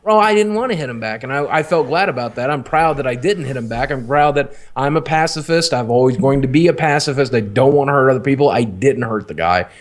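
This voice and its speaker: A man's voice: mid-range voice, lively intonation, fast, hardly any pauses. Candid rambling man. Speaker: podcast co-host. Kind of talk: casual storytelling.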